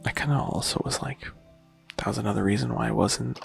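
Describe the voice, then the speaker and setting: A man musing quietly in a casual, rambling way while playing a game, with a lot of vocal fry when he speaks softly. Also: on the low side, a little fast, soft background music. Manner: soft-spoken, rambling and reflective. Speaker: gaming vlogger.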